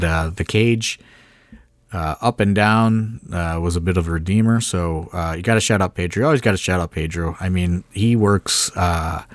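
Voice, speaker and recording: A man's voice: low voice, dry recording. A man co-hosting a podcast, telling backstage stories in a rambling casual way, full of fillers and some swearing. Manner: rambling, filler-heavy storytelling with mild swearing. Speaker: podcast co-host, wrestling promoter. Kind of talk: casual chat.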